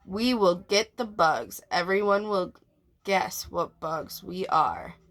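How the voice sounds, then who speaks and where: A woman voicing a cheerful, helpful young boy in a storybook, calm and reassuring. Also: on the low side, takes it slowly, exaggerated voice.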